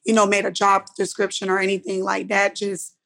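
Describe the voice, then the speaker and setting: A woman from the audience, hoarse with a worn-out voice, asks a question in a casual, conversational way. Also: mid-range voice, completely flat delivery, a little fast, a bit bright. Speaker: audience member asking a question.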